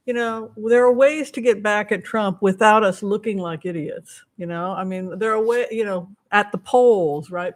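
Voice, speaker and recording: Rambling woman hosting a live chat. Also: mid-range voice. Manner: rambling, chatty, thinks aloud with many asides; reads out and answers viewer questions and thanks donors. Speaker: tarot reader hosting a members' live stream. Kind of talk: casual live-stream chat.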